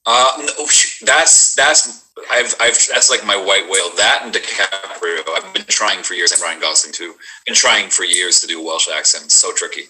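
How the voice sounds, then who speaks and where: A man's voice: sits low, moderate pace, bright, forceful tone, slightly rough, poor audio. A man who is a guest actor, chatting over a video call and speaking earnestly to encourage listeners. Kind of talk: casual video-call chat.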